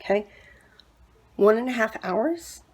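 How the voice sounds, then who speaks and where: A woman's voice: a little high, expressive, measured pace, a little mellow. A woman chatting casually as she cooks in her home kitchen, tossing in self-mocking asides. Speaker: home cook. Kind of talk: casual cooking vlog.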